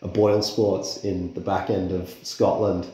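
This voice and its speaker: A man's voice: deep voice, little pitch movement, a little slow, warm tone. Echoey man hosting a podcast. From Australia. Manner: conversational, frequent affirming yeahs. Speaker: podcast host. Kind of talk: casual podcast interview. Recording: very echoey room.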